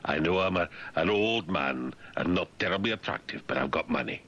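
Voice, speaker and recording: A man's voice: low voice, lively intonation, brisk, a bit bright, highs cut off. A radio host voicing an old Scottish man who offers his money in a bashful, pleading way.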